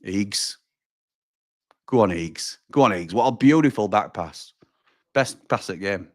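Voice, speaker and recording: A man's voice: lowish voice, lively intonation, measured pace, pauses often, no room sound. Chatty man, dry close sound. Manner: chatty, reacts loudly to chances, addresses viewers as pal and mate. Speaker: host of a football watch-along. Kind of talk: live watch-along commentary and reading viewer comments.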